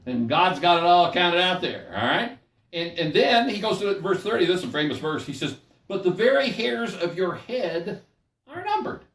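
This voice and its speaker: An older man serves as pastor, giving a folksy, chatty Bible study sermon. His voice sits fairly high and rises and falls in animated swings. He is heard from a distance in an echoey room. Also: normal speed. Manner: folksy, conversational, checks in with listeners.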